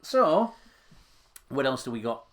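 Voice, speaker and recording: A man's voice: mid-range voice, sing-song, slow pace, fairly bright tone. A man hosting a casual live stream, upbeat and teasing his co-host.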